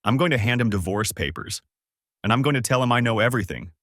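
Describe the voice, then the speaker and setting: A man's voice: mid-range voice, lively intonation, quick pace, no echo, studio quality, close to an everyday voice. A man voicing a tense young woman who urgently reports what she sees, in an audiobook. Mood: firm. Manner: urgent, hushed play-by-play. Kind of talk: audiobook character voice.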